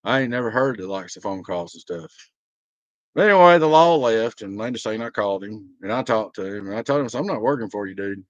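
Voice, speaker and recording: A man's voice: on the low side, animated, a little fast, no room sound. A man, a small business owner telling a rambling, aggrieved story in a casual vlog, blunt and fired up. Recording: dry, dull lo-fi sound.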